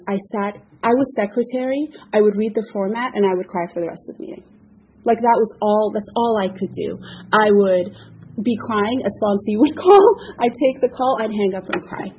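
Middle-aged woman, recovery meeting share. Candid, self-mocking testimony; dull recording with light hiss. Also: medium pitch. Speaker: speaker sharing at a recovery meeting. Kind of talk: personal testimony.

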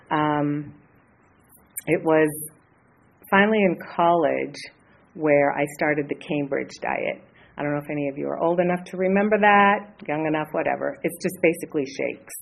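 A woman in her late fifties, from the Los Angeles area, sharing her story at a recovery meeting, hesitant and earnest with many pauses. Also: low-pitched, creaky, rough recording. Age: 50s. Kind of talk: personal share at a support meeting.

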